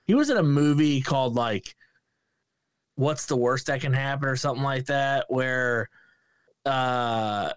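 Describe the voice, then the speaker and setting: A man's voice: mid-range voice, clear, resonant tone, dry recording, studio quality. A man co-hosting a casual movie review podcast, swearing freely and mimicking lines in sudden put-on voices. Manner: profane, animated, mimics lines with bursts of voices. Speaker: podcast co-host.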